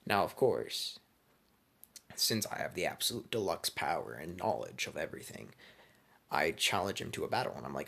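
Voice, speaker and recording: A man's voice: very deep voice, big pitch swings, moderate pace, gravelly, pushed and bright, breathy edge. A man casually telling a made-up fan story, crude, slangy and rambling.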